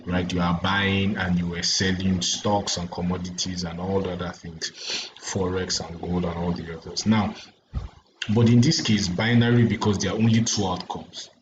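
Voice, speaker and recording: A tired man with a low voice and a Nigerian English accent yawns through a casual trading lecture indoors late at night, speaking flatly at normal speed and often asking "right?" and "you understand?". The room is echoey, the sound dull and lo-fi with a faint hiss.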